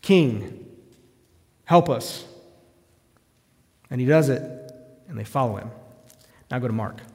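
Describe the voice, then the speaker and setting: Male preacher, mid-pitched voice, sermon with scripture reading, long hall reverb. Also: brisk. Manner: reads scripture aloud, rising to loud shouts in quoted cries.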